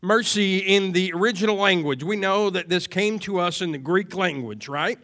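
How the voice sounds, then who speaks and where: A man's voice: sits high, moderate pace, bright, forceful tone. A man preaching a sermon as pastor, earnest and emphatic, leaning on repeated phrases.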